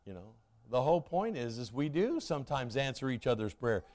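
A man preaching a sermon to his congregation, conversational and emphatic, with asides and self-corrections, swinging between loud stresses and quiet remarks. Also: medium pitch, sing-song, a little fast. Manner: emphatic, varies pace and loudness. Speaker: pastor.

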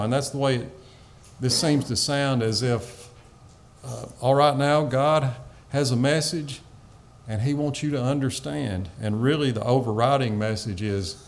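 A man's voice: medium pitch, moderate pace, a little hiss or hum. A man preaching a sermon, teaching on a psalm in an earnest, pleading way with some fillers.

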